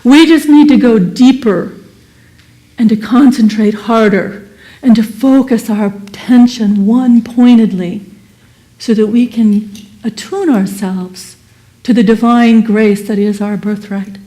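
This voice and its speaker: A woman giving a Sunday service sermon and telling a parable in an animated, expressive way. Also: fairly high pitch, a little slow. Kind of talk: sermon with storytelling.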